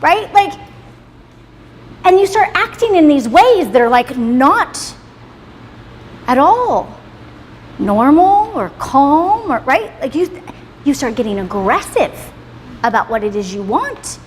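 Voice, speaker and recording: Woman, high-pitched, motivational class leader, emphatic, swearing, reverberant hall, faint noise. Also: big pitch swings, takes it slowly, pauses often. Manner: emphatic, swears freely, ends points with "right?". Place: salon in a roomy hall.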